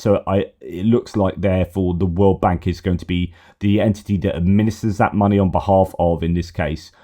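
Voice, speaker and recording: Warm in tone and on the low side, this middle-aged man from Britain presents a news update on his war news channel. It's casual commentary that drifts, with him thinking aloud and correcting himself.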